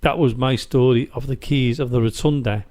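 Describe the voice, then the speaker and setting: Man telling a story with mellow warmth. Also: mid-range voice, normal speed. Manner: animated anecdote-teller, acts out quoted voices, laughs easily. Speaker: podcast host. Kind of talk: casual storytelling chat. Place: studio.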